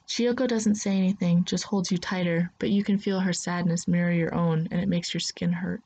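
A woman narrates a science-fiction tale addressed to the listener as "you". Her voice sits lowish and her delivery is calm and steady. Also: brisk, few pauses, breathy edge, lo-fi sound. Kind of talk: second-person story narration.

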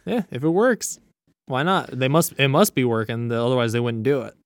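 A man's voice: medium pitch, expressive, a little fast, dry recording, clean studio sound. A man co-hosting a podcast, bantering in a crude, joking, profane way. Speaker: podcast co-host. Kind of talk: casual chat.

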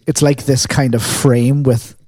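A man's voice: medium pitch, a little slow, no echo, studio quality. A man co-hosting a casual podcast chat, telling stories with lots of fillers and humming the music he describes. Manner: animated storyteller, hums and sings riffs; rambling with many fillers. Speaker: podcast co-host.

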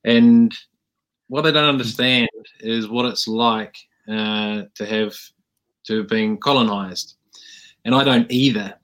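Man, New Zealand accent, interview host, low voice, earnest and conversational. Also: fairly bright tone. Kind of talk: casual interview.

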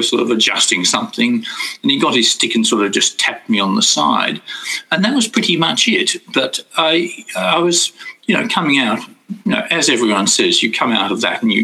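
Older man, gravelly voice, bright tone, casual rambling recollection, chuckles often. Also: medium pitch, poor audio. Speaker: devotee recalling spiritual experiences.

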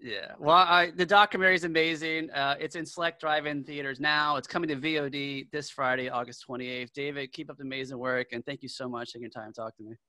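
A man's voice: fairly high pitch, steady tone, fast, few pauses, sharp tone, no room sound, poor audio. A man hosting a casual interview podcast, eager and upbeat, talking with plenty of fillers and restarts. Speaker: podcast host.

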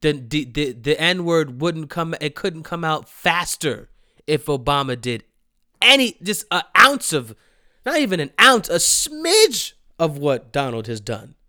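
Man, fed-up commentator, blunt repetitive rant, slightly high and tense. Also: big pitch swings, measured pace, sharp tone, no echo, clean studio sound. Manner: angry, blunt, repetitive, profane. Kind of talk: profane ranting commentary.

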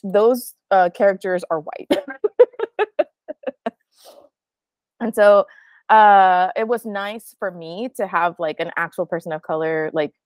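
A woman hosts a casual book discussion, posing her questions in a loose, rambling way. Her voice sounds dry and close, with no room echo. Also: medium pitch. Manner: relaxed, rambling, restarts.

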